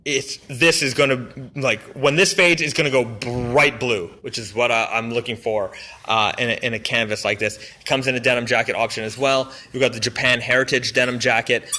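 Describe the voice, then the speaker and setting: Man, enthusiastic brand rep, bright forward voice, chatty live-stream product walkthrough with lots of fillers. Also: medium pitch, fairly even intonation, moderate pace. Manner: enthusiastic, rambling, many fillers and restarts. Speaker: brand representative showing new products. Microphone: phone or camera mic on a live stream.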